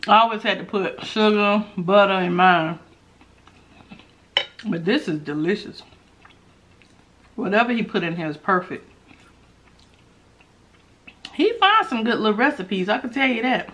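Woman, eating-vlog host, animated, swooping pitch, chatty and hums over her food. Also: unhurried, long pauses. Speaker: mukbang vlogger. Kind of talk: casual eating vlog talk to viewers.

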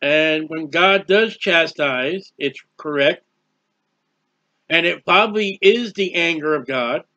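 A man's voice: a little high, slow, bright, forceful tone. A man giving an informal Bible study sermon, earnest and rambling, reading scripture aloud. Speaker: Bible teacher. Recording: dull lo-fi recording.

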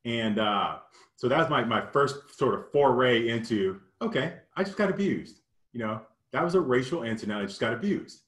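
A man from Kentucky earnestly recounting a childhood memory in casual storytelling, halting and full of "you know". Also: mid-range voice, animated, a bit bright, reverberant. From Kentucky, US South.

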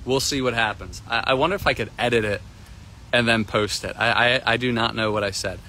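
A man teaching a tennis lesson on a live stream from an outdoor court, energetic and repetitive, often asking "right?". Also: medium pitch, a little fast, slight background noise. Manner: energetic, repeats himself, keeps asking "right?". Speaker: tennis coach.

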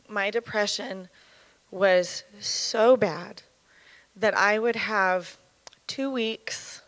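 A woman in her thirties giving an earnest, candid personal testimony as a church speaker, speaking in a measured way. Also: medium pitch, dry recording, rough recording.

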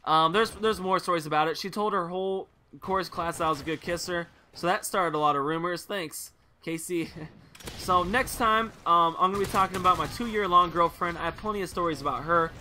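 A man's voice: high-pitched, brisk, sharp tone, slight background noise. A young man telling rambling, joking stories as a gaming commentary vlogger, casual and crude.

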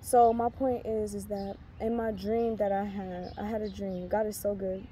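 Earnest pregnant young woman, mellow voice. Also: mid-range voice, level tone, moderate pace, a little hiss or hum. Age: young adult. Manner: rambling, earnest, many fillers and restarts. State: heavily pregnant. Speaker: faith vlogger. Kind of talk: casual testimony vlog.

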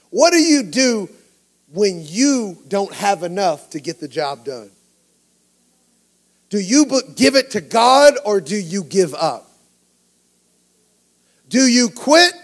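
A middle-aged man with a Cajun accent preaching a sermon, telling personal stories and swinging from quiet asides to shouted lines. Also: sits high. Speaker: pastor.

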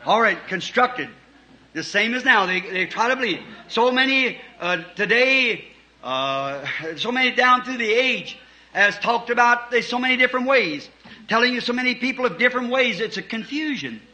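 A man preaching a fervent sermon, swinging from shouted points to quiet storytelling. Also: very high-pitched, expressive, moderate pace. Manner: fervent, rising to shouts, then dropping soft for stories.

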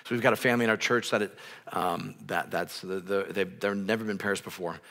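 A male pastor preaching a sermon in a casual, conversational way, with many restarts, growing louder and higher when stirred up. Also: steady tone, fairly quick, gravelly. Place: church sanctuary, on a raised stage.

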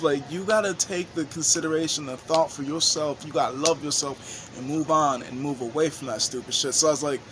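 Young male vlogger, a bit high, bright and forceful, rambling casual storytelling, faint traffic hum. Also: moderate pace. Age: young adult. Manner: rambling, animated, swears freely.

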